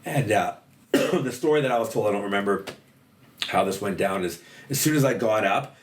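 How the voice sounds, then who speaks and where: A podcast guest with a very deep voice tells rough, candid stories about addiction at a moderate pace. He rambles, swears, and says "like" a lot, picked up by a distant mic in a roomy space with faint noise.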